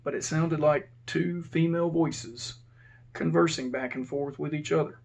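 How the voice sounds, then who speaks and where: A man's voice: a little high, steady tone, moderate pace, creaky, darkish tone. A man who used to be a prison officer tells a rambling, plain-spoken story in a casual way and keeps correcting himself. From Texas.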